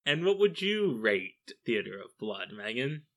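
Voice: mid-range voice, big pitch swings, unhurried. A co-host of a casual film review podcast who adds wry quips.

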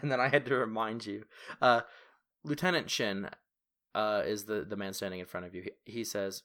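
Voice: medium pitch, steady tone, moderate pace, a bit bright. A game master narrating a tabletop game, patiently prompting the players.

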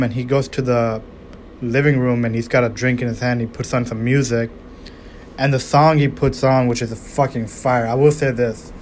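A man's voice: mid-range voice, slight background noise. A man casually breaking down a movie, rambling and swearing, with lots of fillers and restarts. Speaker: movie reviewer.

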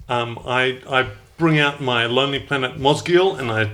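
A man's voice: mid-range voice, moderate pace, pushed and bright. A man chatting casually as a player in a tabletop game.

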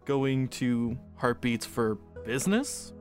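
A man's voice: medium pitch, expressive, takes it slowly, soft background music. A man doing a polite, formal train attendant. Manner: courteous and formal.

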